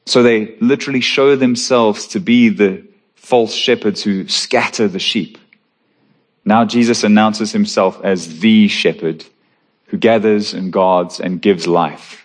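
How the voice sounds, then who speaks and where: Low-voiced man preaching an earnest sermon. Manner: earnest, emphatic preaching with slow stressed phrases. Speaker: pastor.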